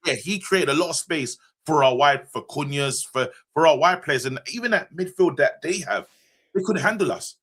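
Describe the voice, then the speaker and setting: A man co-hosting a casual football podcast, talking in an excitable, slangy way. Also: a little high, slightly rough. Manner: excitable, slangy, quick restarts. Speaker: co-host.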